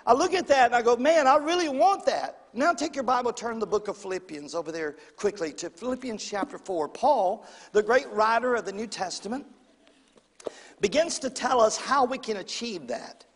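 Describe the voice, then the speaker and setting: Male pastor, high-pitched, call-and-response sermon delivery, church hall reverb. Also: expressive, normal speed. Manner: call-and-response preaching, rising to emphatic bursts. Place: church sanctuary.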